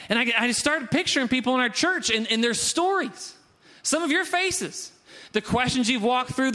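A young man preaching a sermon to his congregation in a casual storytelling way, with quick asides and acted-out quotes. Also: sits high, pushed and bright. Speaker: pastor. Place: church sanctuary before a congregation.

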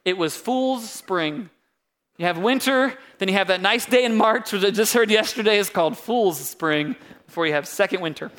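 Young male pastor, casual and jokey sermon delivery, high-pitched and bright. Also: moderate pace. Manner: casual and joking, with wide swings of pitch and loudness. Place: church.

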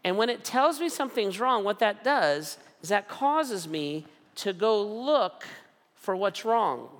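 A middle-aged man preaching a sermon in a conversational way, often checking in with "right?" and "okay?" and slowly repeating his key lines. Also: sits high, sing-song, fairly bright tone, long reverb tail. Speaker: pastor.

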